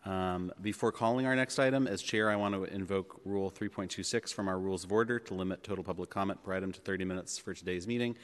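A man chairing a public board meeting in a legislative chamber, measured and pausing with fillers. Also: low voice. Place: city hall legislative chamber. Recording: long reverb of a large chamber.

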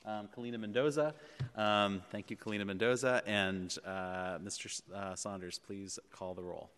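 A man chairing a public board meeting, speaking in a measured way with frequent ums and uhs, in a large chamber. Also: lowish voice, fairly even intonation, fairly bright tone, slight background noise. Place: legislative chamber in city hall. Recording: long reverb of a large chamber.

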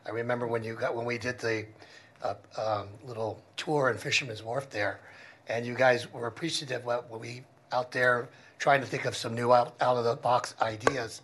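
A man serving as commissioner, speaking in halting, rambling farewell remarks at a public meeting. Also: medium pitch, fairly even intonation, fairly bright tone. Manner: halting, rambling, many restarts.

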